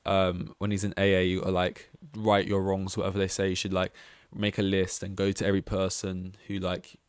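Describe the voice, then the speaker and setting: A man's voice: low-pitched, clean tone, no room sound. A young man hosting a casual solo podcast, rambling and chatty, with self-deprecating asides and lots of fillers. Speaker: podcast host.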